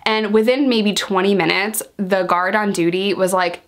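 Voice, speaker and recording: A woman's voice: medium pitch, normal speed, hardly any pauses. Woman vlogger, candid storytime, blunt and profane, mid-range voice, acts out quotes. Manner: frank, animated storytelling that acts out quoted dialogue. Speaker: vlogger sharing her jail experiences.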